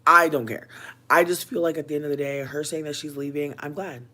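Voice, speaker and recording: A woman vlogger telling a comic storytime rant. She is animated and profane, swinging between loud exclamations and low mutters. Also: fairly quick.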